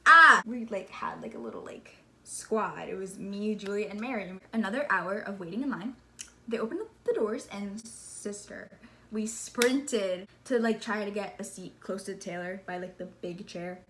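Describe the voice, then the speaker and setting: A woman telling a story in a casual vlog, excitable and gushing, filling her talk with "like" and calling her listener "sister.". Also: mid-range voice, moderate pace, a little hiss or hum. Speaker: vlogger.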